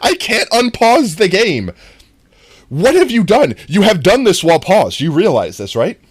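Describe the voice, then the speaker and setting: A live streamer chatting casually to viewers while playing, goofy and rambling, often breaking into high laughter. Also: sing-song, unhurried, slightly rough, dry recording, studio quality. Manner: talks directly to chat. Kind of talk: casual gameplay stream chat.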